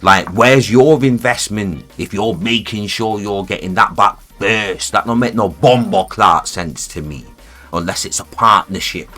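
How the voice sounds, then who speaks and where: A man's voice: fairly low pitch, measured pace, bright, forceful tone, faint music behind. A man, streaming live from his home studio and ranting in a heated, sweary way that keeps repeating itself. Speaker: music producer streaming live. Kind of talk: casual livestream rant.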